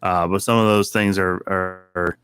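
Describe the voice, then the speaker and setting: A man's voice: low voice, level tone, moderate pace, fairly bright tone, smooth. A man co-hosting a casual wrestling podcast, profane and mock-boastful as he jokes with friends. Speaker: podcast co-host.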